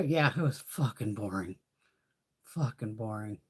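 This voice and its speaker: Her voice is low, mellow and breathy, moving a little slowly as this American woman hosts a makeup livestream. She reads viewer comments casually, speaking bluntly, laughing frequently and swearing a lot.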